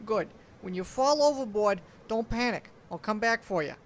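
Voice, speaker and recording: Man voicing a gravelly New England fisherman uncle, offhand and gruff. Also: high voice, fairly even intonation, normal speed, a bit bright, a little hiss or hum. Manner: offhand, gruff, dismissive of danger. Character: grizzled chain-smoking fisherman uncle, gruff and unbothered.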